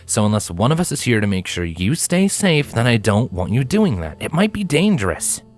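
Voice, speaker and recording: A man's voice: mid-range voice, very animated, moderate pace, faint music behind, lightly acted. Man reading as a firm, fatherly young man. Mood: stern. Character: young human man, caring stern father figure.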